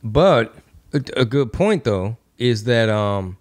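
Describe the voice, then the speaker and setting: A man hosting a casual podcast, talking loosely and profanely and riffing through bits with quick mock voices. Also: mid-range voice, expressive, darkish tone. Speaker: podcast host and comedian.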